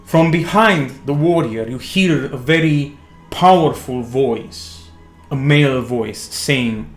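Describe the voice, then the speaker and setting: Man, game master, slow dramatic narration, echoey room. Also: medium pitch, faint music behind.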